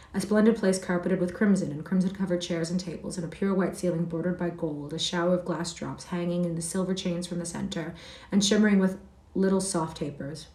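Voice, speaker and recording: A woman's voice: lowish voice, darkish tone, lightly acted. A woman reading as Heathcliff, scornful wild boy. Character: Heathcliff, a wild defiant boy telling his tale. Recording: roomy sound from a distant mic.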